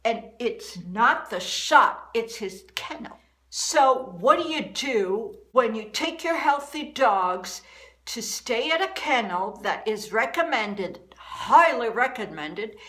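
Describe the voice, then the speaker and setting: A woman's voice: on the high side, expressive, slow, fairly bright tone, rough recording. A woman vlogger delivering a furious, repetitive rant to the camera. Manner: furious, repeating herself, emphatic.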